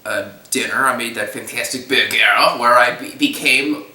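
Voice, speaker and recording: A young man rambling casually about a strange experience, halting and restarting, slipping into goofy voices and laughing. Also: mid-range voice, steady tone, pushed and bright, reverberant, far from the mic, poor audio. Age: young adult. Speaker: storyteller recounting a trip.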